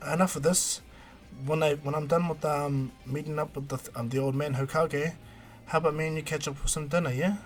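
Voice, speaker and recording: A man's voice: a little high, steady tone, a little fast, soft background music, close to an everyday voice. Naruto, a man voicing a brash young ninja. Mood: eager. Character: brash cheerful young male ninja hero.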